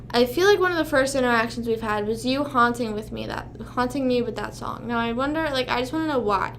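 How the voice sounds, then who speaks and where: A woman's voice: a little high, brisk, gravelly, hardly any pauses, fairly bright tone, a little hiss or hum. A young woman hosting a casual livestream, rambling to her chat and swearing often. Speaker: livestream host.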